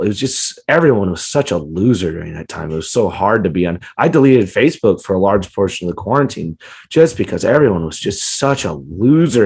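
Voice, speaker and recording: A man co-hosting a comedy podcast rants casually and swears a lot, jumping into high, mocking put-on voices. His voice is a little mellow with a breathy edge.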